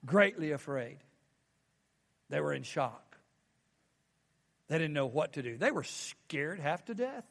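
A man's voice: on the high side, big pitch swings, slow pace, creaky, long pauses, a bit bright, in a large hall. A man preaching a sermon as a pastor, often asking his congregation questions.

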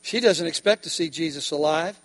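A man preaching a sermon with emphatic delivery, pausing to ask the congregation questions. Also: fairly high pitch. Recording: long hall reverb.

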